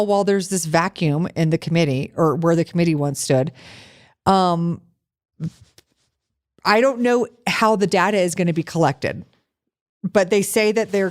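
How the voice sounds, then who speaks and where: A woman co-hosting a podcast in casual chat, sarcastic and profane, telling stories with animation. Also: fairly low pitch. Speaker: podcast co-host.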